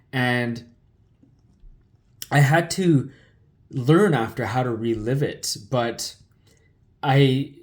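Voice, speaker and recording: A man's voice: medium pitch, darkish tone. A man telling his life story in an emotional, loose way, with many fillers and restarts. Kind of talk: personal storytelling talk.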